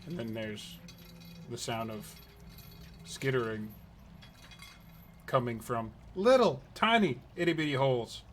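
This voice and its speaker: Man, dungeon master, bright voice, slow measured delivery, playful, faint music behind. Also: medium pitch, animated, a little hiss or hum. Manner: playful, dramatic outbursts. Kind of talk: narrating a tabletop game.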